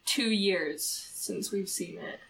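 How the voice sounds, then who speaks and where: A woman co-hosting a podcast in casual chat, talking in an excitable, chatty way with plenty of fillers. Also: medium pitch, takes it slowly, vocal fry, husky. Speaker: podcast co-host.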